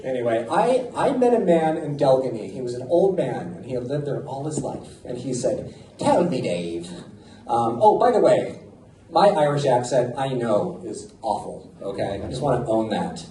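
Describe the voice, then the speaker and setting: A man's voice: medium pitch, sing-song, normal speed, warm tone. A middle-aged American man performing a self-mocking stand-up comedy set in a club, with audience laughter behind him. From United States. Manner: punchy, self-mocking delivery. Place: comedy club stage before a live audience. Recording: roomy live club sound from a distance.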